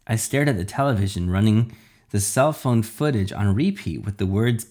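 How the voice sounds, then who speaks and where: A man's voice: on the low side, animated, normal speed, a little mellow. A man reading a first-person children's story aloud.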